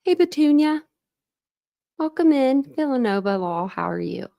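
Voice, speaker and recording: A woman's voice: high-pitched, sing-song, a little slow, creaky, dark tone. Chatty woman hosting a livestream. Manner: chatty, greets viewers by name, laughs often. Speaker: true crime livestream host. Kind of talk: casual livestream chat.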